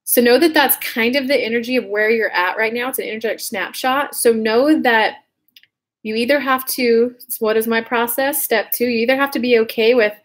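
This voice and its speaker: Frank woman tarot reader in her thirties, casual chatty horoscope reading, fillers and swears, a little higher voice. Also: normal speed.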